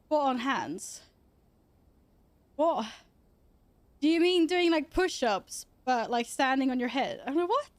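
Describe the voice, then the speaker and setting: A woman's voice: high voice, sing-song, unhurried, pauses often, no echo. A young woman streaming from her computer at home, chatting casually, swearing freely and cooing at her cats. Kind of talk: casual chat.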